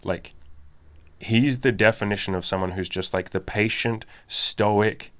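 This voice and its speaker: A man's voice: fairly low pitch, steady tone, measured pace, fairly bright tone. A man co-hosting a podcast, talking in a casual, candid and emphatic way, swearing freely. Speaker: podcast co-host. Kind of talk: casual chat.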